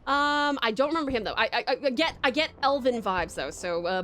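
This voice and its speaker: A woman's voice: fairly high pitch, animated, brisk, a bit bright, soft background music. A woman with an Australian accent, chatting casually with viewers while she plays a game on a live stream, rambling, swearing and laughing often. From Tasmania, Australia.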